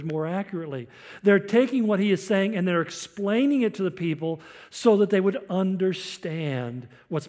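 A man's voice: sits high, darkish tone. An older man preaching a sermon, explaining scripture in a teaching tone with storytelling asides. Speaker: pastor.

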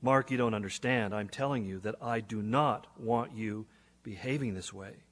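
A man reading out the voice of God as a soft, low, pleading near whisper, in an echoey hall. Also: moderate pace. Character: gentle pleading voice of God, male.

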